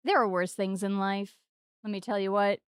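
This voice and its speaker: A woman in her forties chatting casually while streaming a game, playful and jumping into high sing-song stresses on odd syllables, close to the mic. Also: steady tone, moderate pace, clear, resonant tone, dry recording. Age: 40s.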